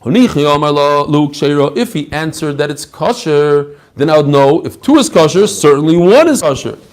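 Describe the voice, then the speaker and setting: Man, talmud lesson, fairly high voice, very lively intonation, acts out the answers. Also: unhurried. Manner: animated, mixes Hebrew and Aramaic terms, acts out quoted answers. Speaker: Talmud teacher. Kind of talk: lively Talmud class lecture.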